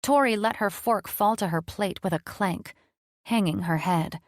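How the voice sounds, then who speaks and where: A woman narrating a fantasy romance audiobook in an even, measured storytelling style. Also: medium pitch, no room sound, clean studio sound.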